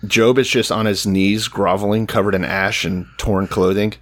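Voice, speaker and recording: A man co-hosting a podcast, telling a story in a dry, deadpan casual chat. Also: lowish voice, normal speed. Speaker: podcast co-host.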